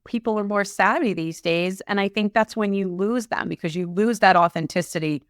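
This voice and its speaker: A middle-aged woman coach in a conversational podcast discussion, animated and often acting out clients in quick asides. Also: mid-range voice, smooth, dry recording, clean studio sound.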